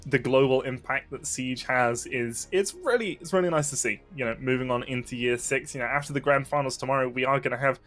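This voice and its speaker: A man's voice: mid-range voice, a little fast, few pauses, fairly bright tone, faint music behind. Dry, teasing male esports caster. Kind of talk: live tournament commentary.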